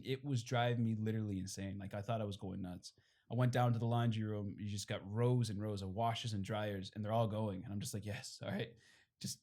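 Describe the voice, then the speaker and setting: Speaking quickly in a darkish, mid-range voice with fairly even intonation, a young male priest gives his testimony at a fireside talk. The story rambles, candid and packed with fillers and little laughs, and at one point he is briefly tearful.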